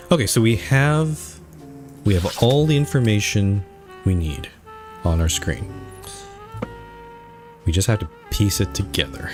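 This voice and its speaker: Male streamer thinking aloud through a puzzle, lowish pitch, reads on-screen text aloud. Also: unhurried, pauses often, a little mellow, soft background music. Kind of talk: let's play commentary.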